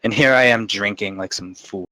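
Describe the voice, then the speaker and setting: A man's voice: fairly low pitch, normal speed, bright, forceful tone, no room sound, poor audio. A man voicing a grieving young village man who stammers and repeats himself. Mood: pleading. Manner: shaky, hesitant, repeats words. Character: grieving young male villager, nervous and fearful.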